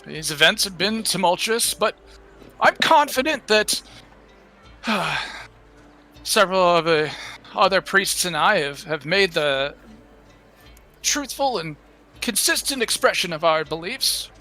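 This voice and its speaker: A man voicing an elderly, gentle and worried temple priest who talks haltingly, with many restarts and sighs. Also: high-pitched, expressive, faint music behind, voice pushed up, exaggerated voice. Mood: weary, grave. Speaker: game master. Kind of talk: in-character tabletop roleplay.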